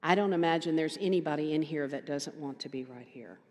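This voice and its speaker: Woman minister, lower voice, storytelling sermon with lively quoted dialogue, long hall reverb. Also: fairly quick. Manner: storytelling, animated quoted voices, emphatic repetition. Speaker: guest minister. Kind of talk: conversational sermon.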